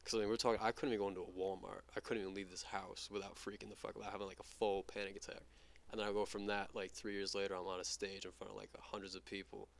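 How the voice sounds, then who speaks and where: A young man from New York talks in a rapid, rambling rush, piling on fillers and swear words. His voice sits fairly low. He tells his stories as an interview guest in a loose, casual chat. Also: flat delivery, gravelly. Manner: rapid, profane, filler-heavy storytelling.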